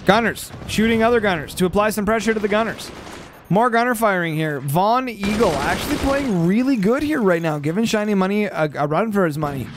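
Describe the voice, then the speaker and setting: A high-pitched man casting a strategy game, calling the action play by play. He gets excitable and bursts into loud cries at big moments. His voice sounds a little stuffy from post-nasal drip. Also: fairly quick, noisy background. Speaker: game caster.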